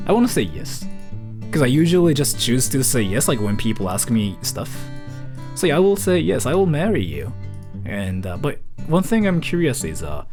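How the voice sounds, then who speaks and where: Animated man reading stream donations. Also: medium pitch. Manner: rambling, joking, playfully awkward. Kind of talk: casual live-stream chat.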